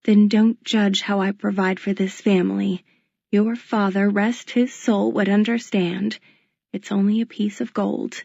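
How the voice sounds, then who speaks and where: A woman voicing a worn, worried middle-aged working mother who speaks softly and pleadingly, close to tears. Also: medium pitch, flat delivery, measured pace, vocal fry, no echo, lo-fi sound. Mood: defensive. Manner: soft, pleading, tearful.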